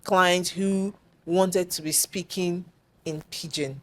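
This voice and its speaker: Brief: Nigerian woman, host of a casual panel, lively delivery, laughs easily, acts out quotes. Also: on the low side, takes it slowly. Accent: Nigerian English.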